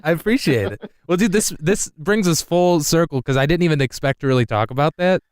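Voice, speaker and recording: Smooth-voiced man hosting a casual podcast. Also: fairly high pitch, expressive, fairly quick, dry recording, clean studio sound. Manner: easygoing, teasing. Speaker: podcast host.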